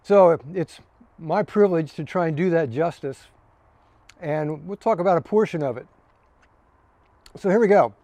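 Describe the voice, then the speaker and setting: A man giving a relaxed, conversational sermon as a pastor, recorded outdoors on his deck in the evening. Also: a little high, normal speed, pauses often, no echo. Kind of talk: casual sermon.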